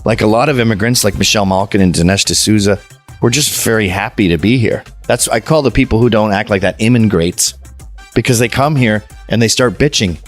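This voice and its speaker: A man's voice: fairly low pitch, a little fast, soft background music. A man from Canada, a podcast guest telling blunt, provocative stories in casual interview chat. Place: suburban home.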